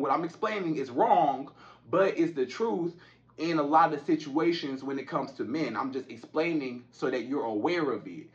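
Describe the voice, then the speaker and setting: A man's voice: fairly high pitch, lively intonation, normal speed, fairly bright tone, lo-fi sound. A man giving relationship advice straight to women in an informal, repetitive way, often saying "you know". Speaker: relationship coach. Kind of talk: direct-to-camera advice talk.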